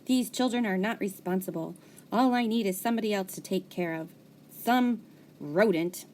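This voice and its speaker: Storybook teacher: a precise, schoolteacher-toned woman, read by a woman narrator, mid-pitched, kind at times, cross at others. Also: moderate pace, darkish tone, a little hiss or hum, close to an everyday voice. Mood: grumbling. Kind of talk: storybook character reading.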